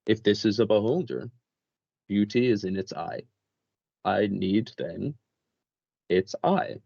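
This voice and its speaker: A man voicing a huge female giant who speaks slowly and thoughtfully. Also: lowish voice, expressive, vocal fry, mellow, no room sound, lo-fi sound, heavily acted. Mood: musing.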